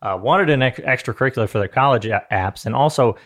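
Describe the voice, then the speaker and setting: A man's voice: medium pitch, fast, a bit bright. A young man co-hosting a podcast, chatting casually in a rambling, wry, self-deprecating way. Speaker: podcast co-host. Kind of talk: casual chat.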